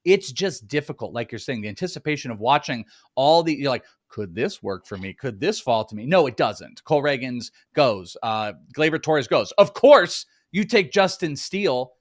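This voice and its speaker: A man's voice: medium pitch, very animated, normal speed, hardly any pauses. A man with a mid-range voice co-hosts a live draft chat. He jokes about his impatience while he talks through his picks. His voice is dry and close, with no room echo. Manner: playfully impatient, joking. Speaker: fantasy baseball analyst, co-host.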